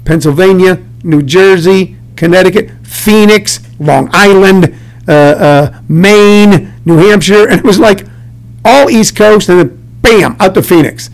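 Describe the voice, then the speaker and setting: An older man hosting a comedic radio chat, telling jokey stories and breaking into shouty put-on rants. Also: high-pitched, lively intonation, moderate pace, gravelly, poor audio.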